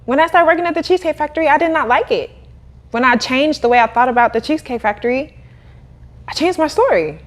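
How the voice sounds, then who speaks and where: A young adult woman, a guest in a casual interview, telling her story in a lively way, laughing and acting out what people said. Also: high-pitched, fast. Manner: animated, laughing, acts out quoted dialogue. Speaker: guest, cleaning business owner.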